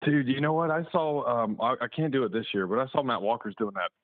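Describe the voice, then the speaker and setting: A man's voice: mid-range voice, fast, no room sound, phone-quality sound. A man from the American South chatting casually on a podcast, with many fillers and restarts as he rambles through stories. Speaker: remote guest, motocross videographer.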